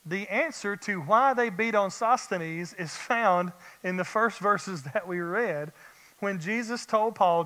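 A man preaching a sermon as pastor, animated and firing rhetorical questions at the congregation. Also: high voice, slow. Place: church sanctuary. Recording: long church-hall reverb.

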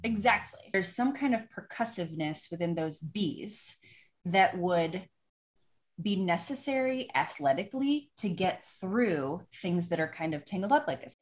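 Husky-voiced woman teaching Shakespeare. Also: lowish voice, expressive, measured pace. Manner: enthusiastic, explanatory, demonstrates meter aloud. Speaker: acting teacher. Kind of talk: Shakespeare monologue tutorial.

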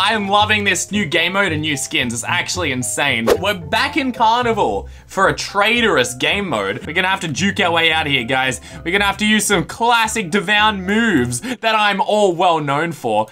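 A man giving excited gameplay commentary as host, hyper and playful, yelping and joking as he plays. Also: high-pitched. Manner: hyper, playful, yelps and jokes. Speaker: gaming video host.

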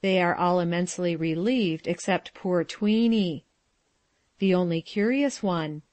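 A woman reading the stage directions of a play in a plain, unhurried way. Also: lowish voice, a little mellow, no echo. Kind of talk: audio drama narration.

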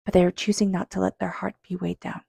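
A woman giving a psychic tarot reading, earnest and speaking straight to the listener, calm with slow passages. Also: lowish voice, vocal fry, breathy edge, dry recording. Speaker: tarot reader.

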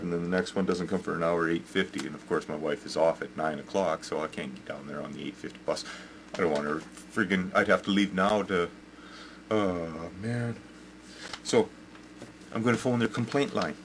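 An older Canadian man venting in an angry rant to camera, swearing heavily, yelling and repeating himself. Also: low-pitched, a little hiss or hum. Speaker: vlogger.

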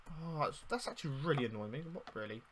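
A young man commentating on his own gameplay, exasperated and swearing, swinging between loud outbursts and mock mourning. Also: fairly high pitch, animated, fast talker, slight background noise. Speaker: gaming YouTuber. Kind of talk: casual game commentary.

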